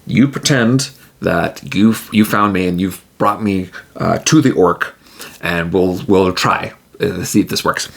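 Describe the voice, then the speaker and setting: A scheming female adventurer, as a man puts her on in his own gravelly voice, hesitant and conspiratorial. She speaks slowly, planning a trick in a solo tabletop game. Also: low voice, exaggerated voice.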